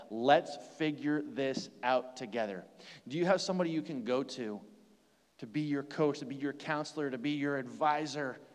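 American guy preaching, asks the crowd questions, goes loud then quiet, big echoey church. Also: medium pitch. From United States. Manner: conversational preaching, rhetorical questions, swings between loud and hushed. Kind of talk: sermon. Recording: long hall reverb.

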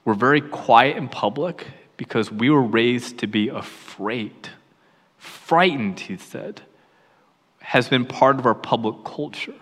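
A middle-aged man preaches and tells a personal story, his voice bright and forceful. At times he sinks to a hushed near-whisper. The sound rings with the long reverb of a large hall. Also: mid-range voice, unhurried. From York, Pennsylvania, USA.

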